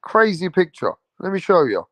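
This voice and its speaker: A man hosts a boxing show in a loose, slangy livestream chat aimed right at his viewers. His voice sits somewhat high for a man. The sound is dry and close, with no room echo. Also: sing-song, normal speed, fairly bright tone. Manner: slangy, laughing, talks straight to viewers.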